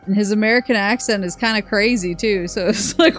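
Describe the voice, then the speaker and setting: A woman's voice: medium pitch, a little fast, few pauses, soft background music. A young woman streaming a game, rambling casually and reading game text aloud, laughing often. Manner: rambling, animated, laughs a lot. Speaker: vtuber streamer. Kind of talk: casual gameplay chat.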